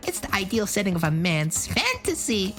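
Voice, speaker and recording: A man's voice: sits high, wildly swooping pitch, normal speed, pushed and bright, soft background music, pitched above the performer's own voice, heavily acted. A man voicing a brash, pushy teenage boy scheming to sneak a peek in a game. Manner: pushy, conspiratorial.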